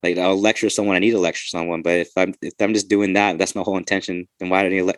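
Casting note: rapid, low-voiced cop, loose and profane, dry close sound. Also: male voice, little pitch movement, dry recording. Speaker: podcast host, police officer. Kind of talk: casual chat.

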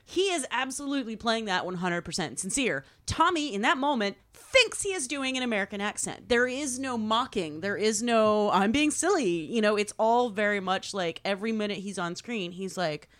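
Casting: woman, script supervisor guest, lively scene retelling, podcast chat. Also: mid-range voice, normal speed, hardly any pauses. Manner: animated storyteller, acts out scenes. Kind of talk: casual podcast film discussion.

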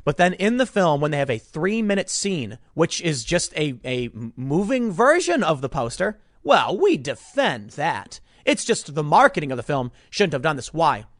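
Indignant man, higher voice, dry sound. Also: no echo. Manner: indignant, repeats words and restarts often. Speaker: commentator. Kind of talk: political commentary monologue.

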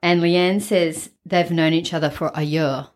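A woman's voice: low-pitched, steady tone, unhurried. A woman co-hosting a podcast, recounting events steadily in casual recap chat with short dry replies. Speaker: podcast co-host.

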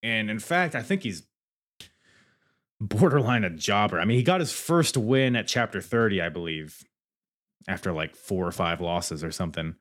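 A man's voice: fairly low pitch, animated, normal speed, a bit bright. A man hosting a podcast, chatting casually and enthusiastically as he reviews old wrestling matches, often laughing. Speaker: podcast host.

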